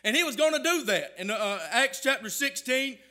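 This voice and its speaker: A man preaching a sermon. He repeats words and stumbles often, then builds to loud, shouted emphasis. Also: very high voice, animated, moderate pace.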